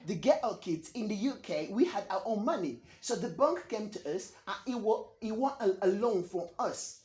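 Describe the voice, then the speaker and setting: A man's voice: high-pitched, expressive, normal speed, a little mellow. A comedian playing a boastful young man, speaking in a rambling, repetitive comedy monologue. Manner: rambling, boastful, repeats words. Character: boastful young Ugandan man bragging of football fame. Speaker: comedian doing an impression. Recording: roomy echo.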